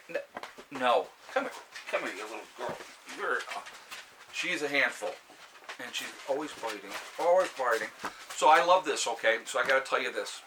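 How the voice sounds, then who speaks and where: A man's voice: mid-range voice, background noise. A man giving an opinionated casual vlog monologue, emphatic and ranting, checking in with frequent "okay?" asides. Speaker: vlogger.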